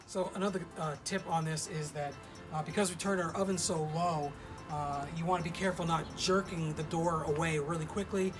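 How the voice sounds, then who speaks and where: A relaxed presenter walks through a pizza recipe outdoors at the oven, speaking at an ordinary middle pitch. The talk is loose and unscripted, with frequent "uh" fillers and repeated words. Loud music plays behind the voice throughout. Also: a little fast, rough recording. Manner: relaxed, many "uh" fillers and restarts. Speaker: cooking demo presenter. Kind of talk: casual cooking demonstration. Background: loud background music.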